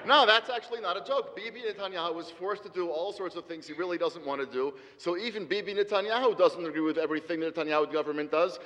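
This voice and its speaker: A man's voice: fairly high pitch, a bit bright. A middle-aged man giving an emphatic debate speech with rhetorical repetition, speaking in a large hall. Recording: hall reverb.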